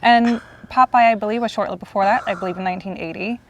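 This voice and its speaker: A woman's voice: mid-range voice, fairly even intonation, quick pace, dull audio, slight background noise. A woman in her forties telling a guest how much her work means to her, earnest and close to tears. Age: 40s. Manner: earnest, gushing, near tears. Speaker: host. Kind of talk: emotional fan tribute.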